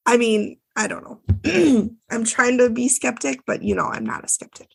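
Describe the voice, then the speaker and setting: Woman co-host, casual recap chat, gravelly edge, loose and profane. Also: a little high, huge pitch swings, normal speed. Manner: chatty, swears freely, lots of fillers. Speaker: podcast co-host.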